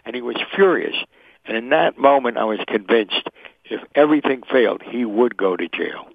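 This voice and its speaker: A man's voice: mid-range voice, animated, a little fast, creaky, husky, dry recording. An older man, a sportswriter guest, telling vivid anecdotes on an interview show and acting out the quotes. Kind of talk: interview storytelling. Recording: tinny phone line.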